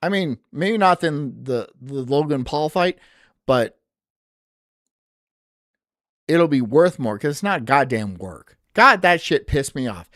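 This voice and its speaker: A streamer rants through a casual live-stream reaction, swearing freely and breaking into laughs. The pitch swings widely from remark to remark, and the sound is close and dry with no room around it. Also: expressive, measured pace, fairly bright tone, no echo. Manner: profane, ranting and venting with frequent swearing; laughs often between remarks.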